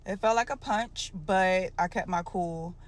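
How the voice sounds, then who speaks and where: Woman storyteller, lively and colloquial, mid-pitched, acts out quotes. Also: measured pace, background noise. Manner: animated, acts out dialogue, colloquial. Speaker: storytime creator. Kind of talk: casual storytelling to camera.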